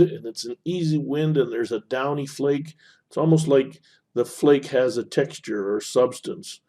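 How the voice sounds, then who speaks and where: Male instructor, mid-pitched and mellow, recorded lesson voice-over, explanatory and unpolished with fillers. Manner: explanatory, talks while annotating, frequent fillers and self-corrections. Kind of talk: screen-recorded teaching lesson.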